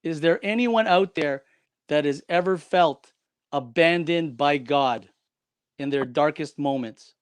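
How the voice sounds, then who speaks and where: A man with a fairly high voice who tells a personal story with emphatic, dramatic delivery, repeating his key lines for effect. His voice comes across close and dry, with almost no room sound. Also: measured pace, clean tone, no room sound. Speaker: guest.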